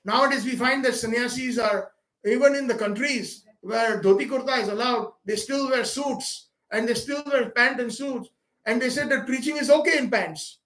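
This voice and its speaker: Guy with a pretty high voice giving a sermon at a home gathering, roomy echo, little ums and repeats. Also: moderate pace, a bit bright. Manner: tells a devotional story, acting out dialogue with rising emotion; hesitant fillers and repeated words. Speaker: speaker at a devotional home program. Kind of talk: storytelling sermon.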